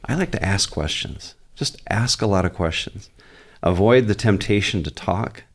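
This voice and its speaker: Male pastor, deep voice, earnest teacher on a church podcast. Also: animated, moderate pace, husky. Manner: earnest, teaching, quotes prayers aloud. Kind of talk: podcast guest explaining.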